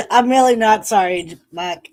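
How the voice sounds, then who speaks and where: A middle-aged woman hosting a live watch-party stream, chatting casually, reading viewers' messages aloud and laughing often. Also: on the high side.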